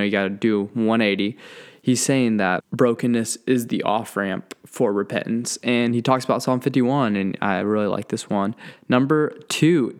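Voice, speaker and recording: A young man chatting casually to his viewers in a laid-back way, with lots of fillers and easy laughs. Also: medium pitch. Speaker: vlogger. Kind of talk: casual talk.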